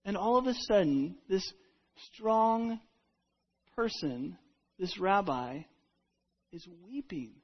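Woman, husky, first-person disciple storytelling, halting restarts, hushed-to-loud swings, muffled lo-fi recording. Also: mid-range voice, animated. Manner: halting, with repeated words and restarts. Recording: dull lo-fi recording.

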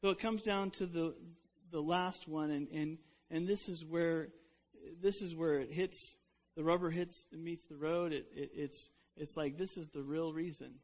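Pastor guy preaching, earnest, restarts a lot, pretty high voice, dull lo-fi recording. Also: fairly even intonation, normal speed. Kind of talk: sermon.

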